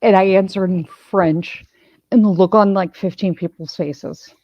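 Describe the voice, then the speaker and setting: A woman's voice: medium pitch, steady tone, a little slow, mellow, no echo, lo-fi sound. A woman host in casual chat, telling a rambling story full of restarts. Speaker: channel host.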